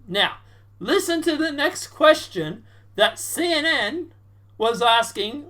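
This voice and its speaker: A woman's voice: high voice, animated, slow, sharp tone. A woman giving casual, sarcastic reaction commentary on a political debate, rambling with restarts. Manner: sarcastic, rambling, with restarts and mock-quoted voices.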